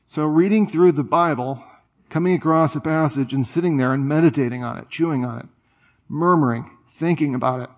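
A man preaching a sermon in a conversational way, with playful, animated asides. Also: fairly high pitch. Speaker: pastor.

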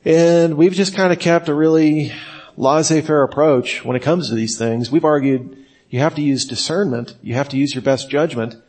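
A man's voice: on the high side, fairly even intonation, moderate pace, a little mellow. A middle-aged man, a pastor, teaching a class in a conversational sermon style, telling anecdotes with wry asides.

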